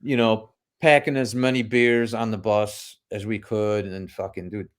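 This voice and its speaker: Laid-back low-voiced man, casual chat. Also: flat delivery, normal speed. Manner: laid-back, heavy swearing, lots of "dude" and "man". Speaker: podcast guest, metal musician.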